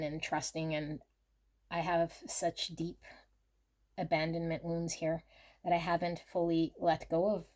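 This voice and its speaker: A woman channeling, in first person, a guarded and wounded lover who speaks in an earnest, halting way. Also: lowish voice, a little mellow, close to an everyday voice. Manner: earnest, halting, repetitive confession.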